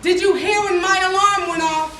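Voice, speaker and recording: A woman's voice: very high-pitched, fairly even intonation, moderate pace, bright, forceful tone. A woman poet performing spoken word poetry with rhythmic, repeating refrains. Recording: echoey room from far off, faint noise.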